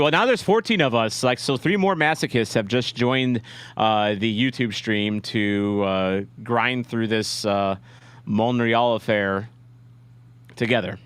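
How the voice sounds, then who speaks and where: A man's voice: mid-range voice, a little slow, fairly bright tone, smooth, no echo. A man hosting a live-stream watch-along, chatting casually with viewers in a rambling, self-deprecating way with many restarts. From St. Louis, USA. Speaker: livestream watch-along host.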